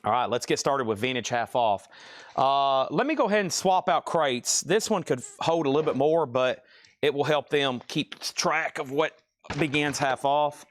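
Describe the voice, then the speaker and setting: Male host for a live sales stream, brisk and matter-of-fact, mid-pitched, dry close sound. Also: lively intonation, dry recording. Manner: brisk, matter-of-fact listing of items and prices. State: briefly out of breath. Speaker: livestream record sale host.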